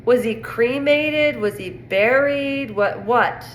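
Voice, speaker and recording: A woman's voice: a little high, slow pace. A woman from Canada giving a rambling, indignant casual opinion monologue on pop culture. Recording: echoey room with faint noise.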